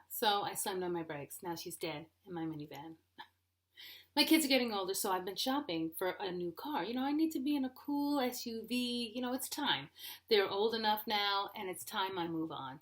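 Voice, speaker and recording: Middle-aged woman doing high-energy stand-up, animated, playful. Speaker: stand-up comedian. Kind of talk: stand-up comedy.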